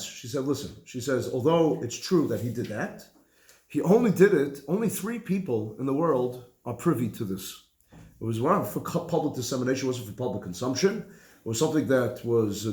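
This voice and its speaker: A man, a rabbi, giving a lively conversational halacha class. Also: mid-range voice. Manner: animated, conversational, mixes Hebrew and Yiddish terms. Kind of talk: Torah class lecture. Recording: echoey room.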